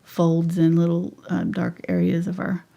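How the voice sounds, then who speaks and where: A middle-aged woman gives a live painting lesson in a husky voice. She chats her way through each step and now and then drops to a murmur as if talking to herself. Her tone stays low and mellow. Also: completely flat delivery, unhurried. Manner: chatty, thinks aloud, drops into whispers to herself. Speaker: painting instructor.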